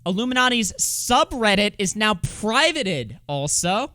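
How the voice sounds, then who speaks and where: A high-pitched man riffs sarcastically through a livestream, swearing often and reading posts aloud. His voice is recorded close and dry, with no room sound. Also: very animated, a little slow, bright, forceful tone, no echo. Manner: profane, sarcastic, reads comments aloud. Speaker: streamer. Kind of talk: casual livestream commentary.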